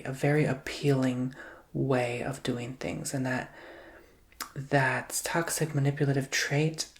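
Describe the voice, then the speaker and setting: A man giving a chatty, theatrical ASMR tarot reading that keeps dropping into soft whispers. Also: medium pitch, vocal fry.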